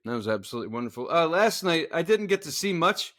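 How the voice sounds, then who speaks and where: Casting note: man, casual podcast co-host, sweary storyteller who shouts out his reenactments, voice sits a bit high. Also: sing-song, fast. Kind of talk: casual chat.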